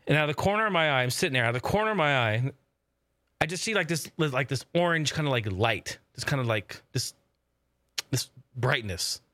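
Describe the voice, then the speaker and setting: A man's voice: mid-range voice, fairly quick, no room sound. Guy telling a wild family story, cussing, doing everyone's voices, dry sound. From family from Oregon. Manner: profane, animated storyteller acting out voices. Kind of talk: casual storytelling. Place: home in the desert.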